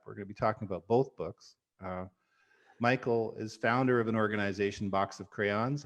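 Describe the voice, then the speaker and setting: Enthusiastic lower-voiced male host. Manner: enthusiastic, effusive praise with fillers. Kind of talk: warm conversational introduction.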